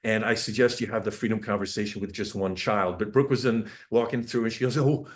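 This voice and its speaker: A man with a lowish, steady voice talks quickly as he gives a parenting talk over a shared screen. He tells family stories earnestly, often restarting his sentences, and acts out the family's dialogue.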